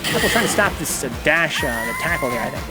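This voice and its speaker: Very high-pitched and fast, this man's voice makes huge pitch swings as he hosts a casual live game stream. He rambles chattily, reads chat messages aloud, and swears casually, all over game music.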